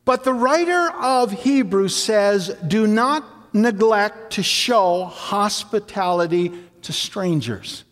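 A man preaches a sermon in an unhurried, deliberate way, weaving anecdotes and light jokes into his points. His voice sits high for a man. It rings out with a long reverb, as in a church hall. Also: a bit bright.

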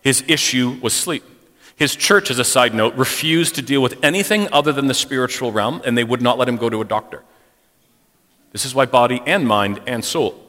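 A man preaches to a congregation in a loose, conversational way, often poking fun at himself as he tells stories. His voice is bright and clear. A long hall reverb trails each phrase. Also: mid-range voice, moderate pace. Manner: conversational, self-deprecating storytelling. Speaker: speaker addressing a congregation. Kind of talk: sermon with personal stories.

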